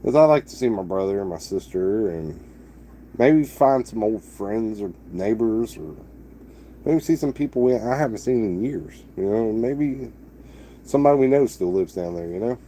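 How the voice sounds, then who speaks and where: A man's voice: lowish voice, lively intonation, normal speed, dark tone, a little hiss or hum. A man in his thirties from Texas, chatting to camera in a loose, rambling way with many restarts. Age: 30s. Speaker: vlogger. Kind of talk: casual rambling chat to camera.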